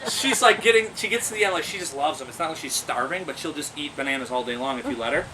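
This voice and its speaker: A man who works with exotic animals tells casual, animated anecdotes, laughing as he goes and acting out the voices of the people in them. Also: on the high side, fast talker, a loud crowd. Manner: animated, laughs while telling, acts out the quoted voices. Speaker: exotic animal handler and business owner. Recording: distant mic with air-conditioning hum.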